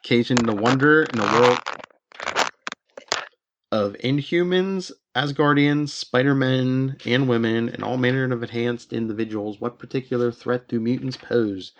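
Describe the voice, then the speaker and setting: A man's voice: medium pitch, normal speed, dull audio, slight background noise. A man co-hosting a podcast, casually recapping comic book plots and reading the characters' lines aloud with the odd laugh. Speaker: podcast co-host.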